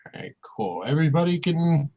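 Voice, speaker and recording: A man joining an interview over a video call, quick with jokes and comebacks. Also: a little high, very animated, warm tone, poor audio. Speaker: guest. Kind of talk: casual chat on a video call.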